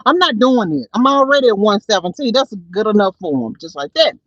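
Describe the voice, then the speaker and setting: A woman hosting a casual livestream from her car, chatting and telling stories to viewers in an animated way. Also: mid-range voice, brisk, dry recording, dull audio. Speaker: livestream host. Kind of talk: casual livestream chat while driving. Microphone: phone.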